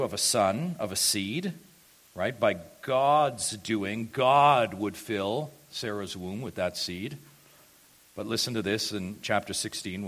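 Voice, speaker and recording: A man's voice: on the low side, fairly bright tone. Emphatic male preacher. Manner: emphatic preaching, slows and swells on key points. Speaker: pastor. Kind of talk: sermon.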